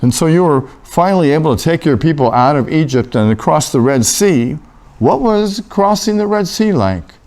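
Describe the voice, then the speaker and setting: A man, a pastor, gently putting questions to a guest in a church interview. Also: a little high, lively intonation, moderate pace.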